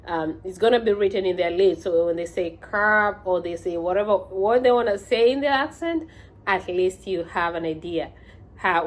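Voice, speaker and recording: A woman from Kenya with a Kenyan accent, giving casual advice in a vlog, talking conversationally with many fillers and restarts. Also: on the low side.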